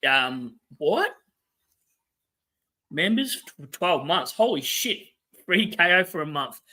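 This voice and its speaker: A man's voice: a little high, big pitch swings, slow, bright, forceful tone. A young Australian man hosting a fantasy football livestream, ranting and swearing in a casual chat with asides to his viewers. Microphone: webcam setup.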